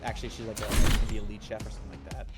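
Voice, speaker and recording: Over loud game music and gunfire, a man streams a game and chats casually at a rapid-fire clip. His voice sits on the low side with little pitch movement, and his talk rambles and stumbles.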